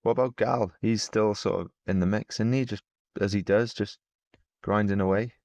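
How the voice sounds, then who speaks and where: A man's voice: lowish voice, fairly even intonation, moderate pace, darkish tone, no echo. A man in his thirties, a podcast co-host talking bluntly and chattily, offering wry opinions. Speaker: podcast co-host, pro cyclist. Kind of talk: casual chat.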